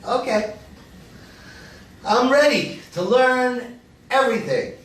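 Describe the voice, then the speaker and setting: A man's voice: very high voice, animated, slow, a bit bright, full character voice. A man reading the role of a chatty, joking older man in a virtual play reading, over an echoey, distant video call. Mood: wry. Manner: jokey, chatty, laughs at his own lines.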